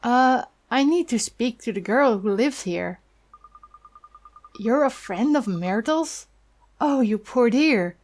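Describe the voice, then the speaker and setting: A woman reading aloud as a chatty, sentimental old woman neighbor in a game, speaking slowly. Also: fairly high pitch, lively intonation, darkish tone. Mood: gossiping.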